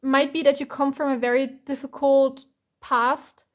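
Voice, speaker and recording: A woman's voice: high voice, flat delivery, moderate pace. A woman from Germany, giving a chatty, rambling tarot reading full of fillers and restarts. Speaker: tarot reader.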